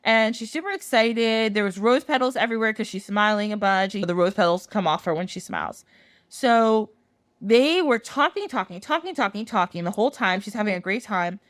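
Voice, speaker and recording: A woman's voice: mid-range voice, animated, moderate pace, no echo. Chatty woman telling a story. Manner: chatty, lots of fillers and swearing. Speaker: podcast host. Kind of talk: casual storytelling.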